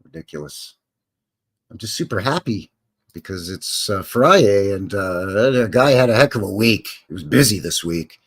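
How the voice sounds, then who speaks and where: A man's voice: fairly low pitch, expressive, normal speed, husky. An older man with a Canadian accent, hosting a live stream in a rambling, folksy and jokey way with slangy asides. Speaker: livestream host. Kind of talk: casual live chat.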